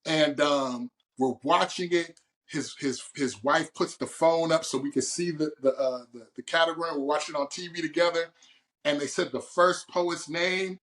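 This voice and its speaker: A man from Oakland, a guest poet, telling his story in an interview with animated, boisterous energy. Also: a little high, moderate pace. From Oakland, California. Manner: animated, storytelling, boisterous and loud when excited. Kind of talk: interview conversation.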